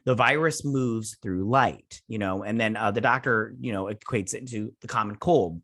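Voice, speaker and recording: His voice sits lowish and a bit bright, moving at a moderate pace in a clean studio recording without room sound. This review channel host loosely recaps an episode's plot, rambling with hesitations, frequent fillers and restarts, and now and then slipping into playful character voices.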